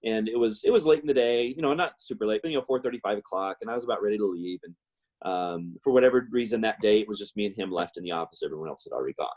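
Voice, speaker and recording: A man's voice: fairly low pitch, racing, a little mellow. A middle-aged man telling a personal story in a rambling way, with many fillers and restarts. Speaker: guest speaker.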